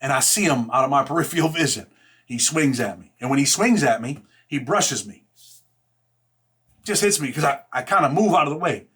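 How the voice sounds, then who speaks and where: A man casually telling a personal story in rough street slang, blunt and profane, filling every pause with "man" and "right?". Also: medium pitch, animated, a bit bright.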